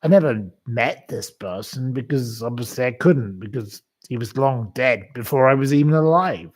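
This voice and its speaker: A man's voice: medium pitch, expressive, normal speed. A man hosting a live online quiz, chatting casually, rambling and calling out viewers by name. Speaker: livestream quiz host.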